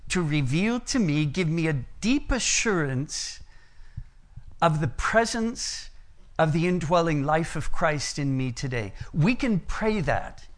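A man's voice: on the high side, lively intonation, takes it slowly. A middle-aged man preaching a sermon, plain-spoken, who illustrates his point with a long personal story and humorous asides.

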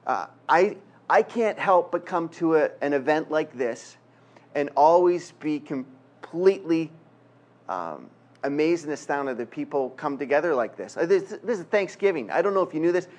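Conversational man with a higher voice. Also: expressive, normal speed. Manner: conversational with dry humorous asides. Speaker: ministry worker speaking at a church gathering. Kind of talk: informal talk to a Christian audience.

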